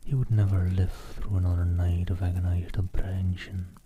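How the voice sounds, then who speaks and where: A man reading a novel aloud as an ASMR streamer, in soft whispered narration close to the mic. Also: sits low, flat delivery, moderate pace, background noise.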